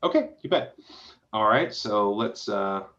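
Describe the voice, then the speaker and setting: A man's voice: lowish voice, lively intonation, a little slow, fairly bright tone, dull audio. A man reviewing a website aloud in casual, encouraging feedback, thinking through each suggestion as he goes, heard over a video call. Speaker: web design reviewer.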